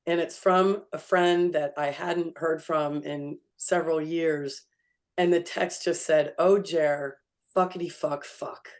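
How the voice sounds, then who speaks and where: Woman, podcast co-host, lowish voice, animated storyteller, swears casually. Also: slow.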